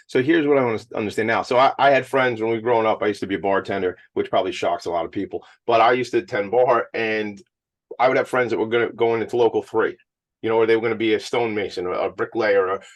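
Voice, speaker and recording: A fast-talking man with a lowish voice hosts a podcast interview at a school event, keeping the chat lively. His manner is effusive and enthusiastic, and at times he becomes emotional.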